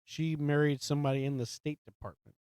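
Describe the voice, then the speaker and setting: A man's voice: a little high, fairly even intonation, brisk, darkish tone, clean tone, no echo. A man co-hosting a movie podcast, joking and laughing a lot as he chats about the plot. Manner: laughs often, playful quips. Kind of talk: casual film recap chat.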